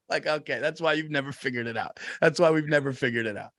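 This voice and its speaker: A middle-aged man co-hosting a podcast, telling animated, laughing anecdotes. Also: a little high, moderate pace. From United States. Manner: storytelling, laughing, does voices in anecdotes. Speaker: podcast co-host. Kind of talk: casual comedic chat.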